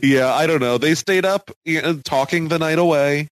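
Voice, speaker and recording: A man's voice: fairly high pitch, normal speed, no echo. A man from the United States co-hosting a podcast, recapping with frequent laughs and hesitant fillers. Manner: giggly, hesitant, many fillers. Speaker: podcast co-host. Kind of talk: casual chat recapping a reality show.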